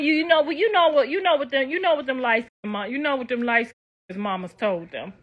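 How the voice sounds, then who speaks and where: A woman's voice: sits high, moderate pace, bright, forceful tone, lo-fi sound. An older woman ranting to her viewers in a brash, profane, casual way. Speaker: online commentator.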